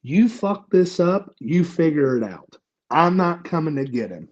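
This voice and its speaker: A man's voice: fairly high pitch, sing-song, a little slow, darkish tone, muffled recording. A man voicing his fed-up, blunt middle-aged mother, who swears freely, in a retold story. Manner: blunt, profane.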